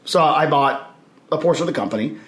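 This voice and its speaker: A man, a podcast guest, telling stories in a casual, animated way and acting out the voices he quotes. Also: on the high side, brisk. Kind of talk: casual storytelling. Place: convention hall. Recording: echoey convention hall.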